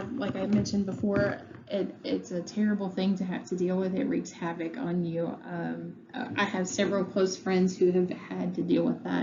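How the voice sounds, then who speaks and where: A woman's voice: medium pitch, dark tone. A woman teaching a pharmacy lecture from home, talking conversationally with many ums and uhs. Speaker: pharmacy instructor. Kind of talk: recorded lecture. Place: home room. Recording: dull lo-fi audio with faint noise.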